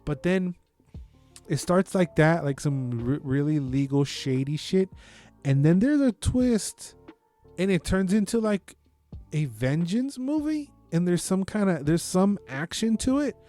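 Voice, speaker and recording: A man co-hosting a casual podcast, his voice sitting a little high but mellow and warm in tone. He talks in a profane, emphatic way, with faint music in the background. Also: lively intonation, measured pace. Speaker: podcast co-host. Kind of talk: casual chat.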